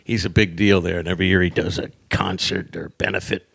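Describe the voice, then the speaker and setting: A man, a stand-up comedian guest on a podcast, telling road stories in a casual, lively way, acting out other people's lines as he goes. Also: low voice, fast talker, creaky, slightly rough, no echo. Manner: lively raconteur who acts out others' lines and laughs at his own tales. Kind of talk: casual storytelling interview.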